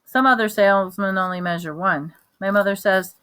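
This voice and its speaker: A woman's voice: mid-range voice, moderate pace, few pauses, clean tone. Woman reading a children's novel. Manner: plain, even storytelling with small restarts. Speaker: reader.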